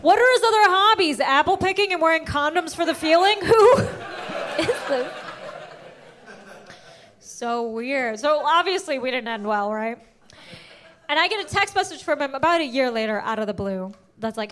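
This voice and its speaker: A woman doing stand-up comedy, telling a story in an animated, self-mocking way with lots of voiced quotes. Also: high voice, moderate pace.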